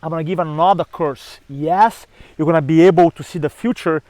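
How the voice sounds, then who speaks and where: A man voicing a smooth-talking, pushy male god in a told myth, persuasive and insistent. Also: fairly high pitch, brisk, a little mellow, dry recording, natural voice. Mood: angry.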